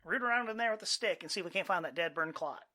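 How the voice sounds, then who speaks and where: A man doing a folksy Southern country surgeon with a broad drawl, his voice pushed up high and bright. The delivery is loud, slow and deadpan. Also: full character voice. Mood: joking. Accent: Southern US, put on.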